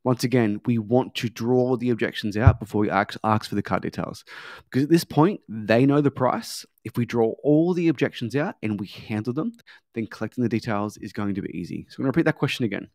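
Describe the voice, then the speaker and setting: A man's voice: mid-range voice, brisk, a little mellow, no room sound, clean studio sound. A man teaching a sales training lesson, coaching in a repetitive, emphatic way and acting out bits of sales dialogue. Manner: coaching, repeats key points, acts out sales dialogue.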